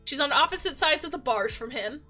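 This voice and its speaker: A woman livestreamer in casual chat, recapping a game in a rambling, animated way with lots of filler words. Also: sits high, brisk, faint music behind.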